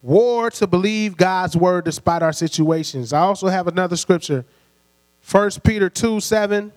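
High-voiced preacher in a reverberant hall. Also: male voice, moderate pace. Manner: call-and-response, prompting the congregation; conversational, laughs between points. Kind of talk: sermon. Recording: long hall reverb with mains hum.

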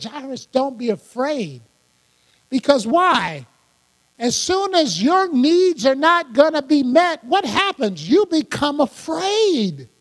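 A man preaching a sermon as pastor, animated and laughing often as he acts out quoted lines. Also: very high voice. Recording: long hall reverb.

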